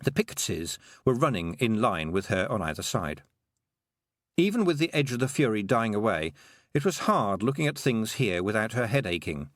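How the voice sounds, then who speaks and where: A man narrating an audiobook with expressive storytelling. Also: fairly low pitch, moderate pace, no echo, clean studio sound. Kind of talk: scripted narration.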